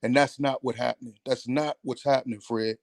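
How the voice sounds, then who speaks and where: A man's voice: medium pitch, steady tone, fairly quick, gravelly, no echo. A man calling in to a talk show, ranting in a heated, emphatic and profane way. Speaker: caller. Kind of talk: call-in radio rant.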